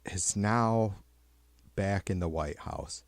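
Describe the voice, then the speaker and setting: A man hosting a livestream, ranting with heavy swearing and sarcasm, rambling and getting louder when worked up. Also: sits low, slow, creaky, no echo. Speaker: livestream host. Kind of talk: profane political rant.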